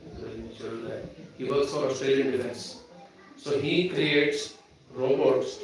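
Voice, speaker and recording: A man giving a sermon at a temple program, speaking directly and earnestly, full of rhetorical questions. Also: mid-range voice. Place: temple hall. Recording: echoey room from far off, faint noise.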